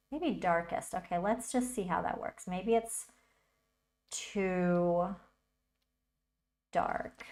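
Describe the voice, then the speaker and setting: A woman with a slightly low voice hosts a casual livestream tutorial. She chats and thinks aloud as she works, trailing off and picking back up. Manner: chatty, thinking aloud while working. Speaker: tutorial host.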